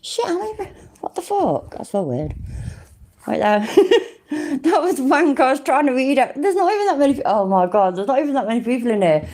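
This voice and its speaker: A woman's voice: on the high side, big pitch swings, fast, warm tone. Giggly, sweary British woman. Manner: giggly, sweary, laughs often. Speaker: livestream host. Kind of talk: casual livestream chat.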